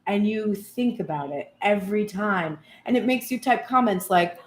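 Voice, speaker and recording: A woman's voice: mid-range voice, animated, moderate pace. Casual tarot lady, jokey and self-mocking, swears a lot, roomy echo. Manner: chatty and self-mocking, swears, acts out quotes. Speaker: tarot reader.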